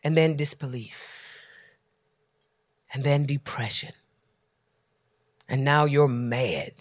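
A man preaching a sermon. He swings from near-whispers to shouting and leans on repeated refrains. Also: medium pitch, slow, dry recording, studio quality. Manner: repetitive preaching cadence. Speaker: pastor.

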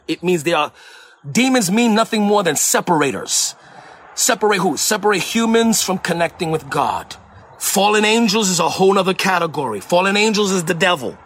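A man's voice: high-pitched, a bit bright. A man from Puerto Rico preaching in an emphatic way, often repeating phrases for emphasis. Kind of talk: sermon-style teaching.

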